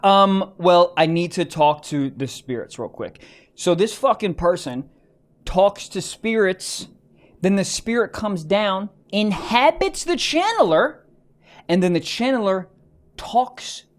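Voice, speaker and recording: Man, podcast co-host, casual comedic chat, swears a lot, very lively pitch, laughs himself to tears. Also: takes it slowly. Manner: animated, swearing, cracks into high-pitched laughing fits.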